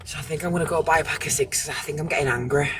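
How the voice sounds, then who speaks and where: A British man with a slightly high voice talks to his phone from a parked car, rambling and restless, often restarting his sentences. A steady hum of car noise sits clearly behind him. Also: very fast. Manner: rambling, restless, self-talk with many restarts. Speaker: vlogger. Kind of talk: casual vlog monologue.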